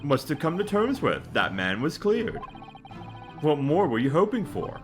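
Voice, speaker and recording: Brief: man voicing a stern, imposing British chief justice, attempted accent, expressive delivery. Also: on the high side, soft background music, voice pushed up. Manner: formal, measured, commanding.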